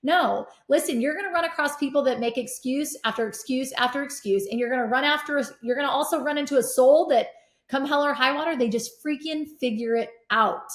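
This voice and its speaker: A middle-aged woman telling stories as a podcast guest, energetic and animated. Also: high-pitched, a little fast. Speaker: podcast guest, real estate investor. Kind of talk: casual conversation. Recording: roomy echo.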